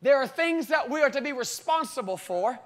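A man preaching a sermon to his church, telling a story and reading scripture, his voice climbing to loud, drawn-out cries and then dropping low and quiet. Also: expressive.

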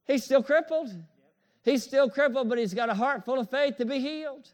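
A pastor preaches a sermon at a normal pace, his high, ringing voice full of emphasis. He repeats key phrases in call-and-response style, draws amens from the congregation, and chuckles now and then between points.

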